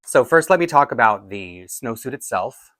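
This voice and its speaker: A man's voice: mid-range voice, big pitch swings, normal speed, a bit bright, dry recording. A man, from Toronto, chatting casually in a rambling, self-deprecating way as a doll collector vlogger. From Toronto, Canada. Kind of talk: casual chat.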